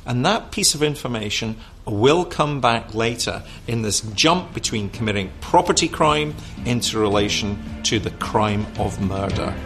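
A man speaking as an expert in a documentary interview, measured and analytical, thinking his points through aloud. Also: lowish voice, lively intonation, music in the background.

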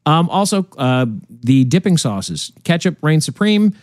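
Radio co-host, casual chat, lively pitch, rambling, dry studio sound. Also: unhurried, no echo. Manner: animated, rambling, repeats words.

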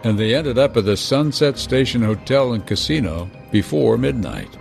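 A man reading a scripted true-crime narration in a measured way, with dramatic pauses. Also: mid-range voice, sing-song, vocal fry, a little mellow. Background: music.

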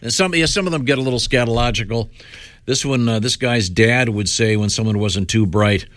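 A man's voice: mid-range voice, fairly quick, a bit bright, no echo. An older man hosting a radio show in casual banter, reading listener letters aloud and chuckling.

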